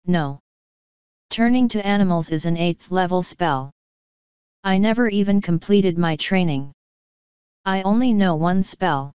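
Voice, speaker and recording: A woman's voice: lowish voice, unhurried, long pauses, darkish tone, clear, resonant tone, no echo, lo-fi sound, lightly acted. A woman voicing a hapless male wizard who talks in a miserable, grumbling way. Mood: gloomy.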